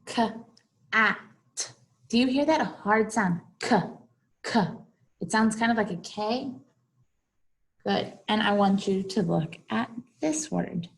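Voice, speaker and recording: A woman teaching a phonics lesson to young children, saying each word slowly and repeating it. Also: medium pitch, lively intonation, gravelly. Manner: slow, deliberate, repeating each word twice.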